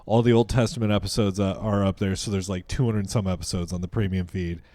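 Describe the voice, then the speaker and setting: A man's voice: low-pitched, steady tone, fast, warm tone, no room sound. A man co-hosting a podcast, telling a story in a rambling, joking way. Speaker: podcast co-host. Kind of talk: casual chat.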